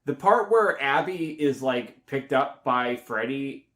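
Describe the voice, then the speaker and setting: A man talks through a movie review in a loose, rambling way, with plenty of fillers and restarts. His voice sits at an ordinary middle pitch. It jumps higher when he acts out his own reactions. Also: lively intonation, slow, fairly bright tone. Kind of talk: casual spoken review.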